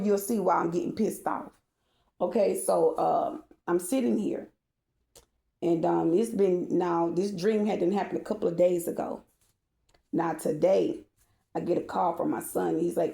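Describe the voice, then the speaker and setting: Furious cursing woman, gravelly voice. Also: on the low side, reverberant. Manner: cursing, heated and repetitive, rising to shouting. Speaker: mother venting to viewers. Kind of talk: angry rant to camera.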